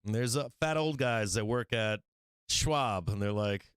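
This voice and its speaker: A man's voice: lowish voice, a little slow, a bit bright, clear, resonant tone, no echo. Brash, profane man talking trading. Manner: brash, profane, laughs often, rambling. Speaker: livestream market show host. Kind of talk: casual livestream trading talk. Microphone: studio microphone.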